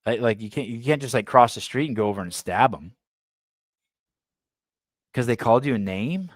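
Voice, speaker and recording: A man's voice: mid-range voice, animated, normal speed. A man raised in the San Francisco Bay Area hosts a podcast in a mid-range voice, recorded dry with no room echo. He reads a news story aloud and keeps breaking off into blunt, irreverent commentary. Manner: blunt, provocative, irreverent asides. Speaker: podcast host. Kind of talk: news commentary, reading an article aloud with asides.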